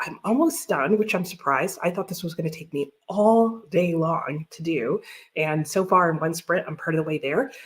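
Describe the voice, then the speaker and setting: A woman with a fairly low-pitched voice chats casually on a live stream. She laughs often and talks easily, breaking off to greet viewers and answer the chat. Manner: chatty, laughs often, reads chat aloud. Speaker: livestream host.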